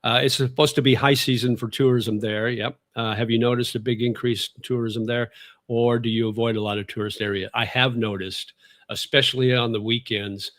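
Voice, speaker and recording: A man hosts a relaxed livestream and chats with viewers in an easygoing, rambling way. He laughs often and corrects himself mid-sentence. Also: mid-range voice, a little fast. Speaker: livestream host. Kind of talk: casual chat, answering viewer comments.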